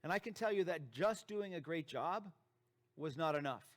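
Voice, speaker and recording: This slightly high male voice, with lively intonation and a moderate pace, belongs to a dentist and practice founder giving a motivational talk. He speaks with a slightly raised voice and emphatic delivery. Key phrases come back again and again for effect.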